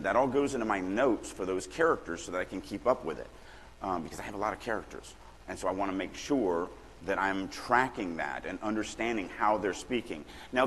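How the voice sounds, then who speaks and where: A middle-aged man from Louisiana giving a lively, joking lecture on writing at a conference, acting out little examples as he goes. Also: lowish voice, a little hiss or hum. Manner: animated, joking, acts out examples. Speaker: writing workshop speaker. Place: large conference hall. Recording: long hall reverb.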